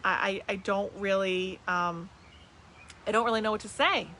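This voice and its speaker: A bright, energetic middle-aged woman talks to her viewers over a webcam. She is from New Jersey and hosts a live stream as a medium, greeting people by name and chatting loosely. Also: medium pitch, moderate pace, slight background noise. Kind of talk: casual live-stream chat. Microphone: webcam on a video call.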